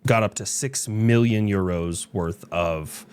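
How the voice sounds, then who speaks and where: A man co-hosting a podcast, reading out a news story haltingly and full of fillers, then joking. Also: on the low side, a little mellow, clean tone. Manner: halting, filler-heavy, jokey. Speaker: podcast co-host.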